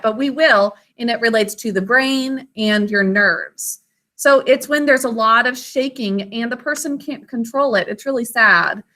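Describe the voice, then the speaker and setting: A woman's voice: on the high side, pushed and bright. A woman teaching an online spelling lesson to children over a video call, patient and careful as she sounds out words.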